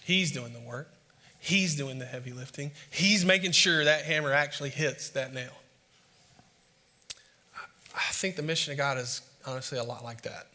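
A man from the States, preaching a sermon as an animated, self-mocking storyteller before a live audience. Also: mid-range voice, normal speed, long pauses, in a large hall. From Southern United States.

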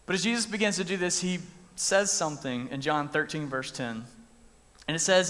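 A man preaches in a loose, conversational way, with a voice sitting a bit high for a man. He acts out the scenes as he talks. His voice rings out with a long reverb in a large room. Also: normal speed, fairly bright tone. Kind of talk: casual sermon.

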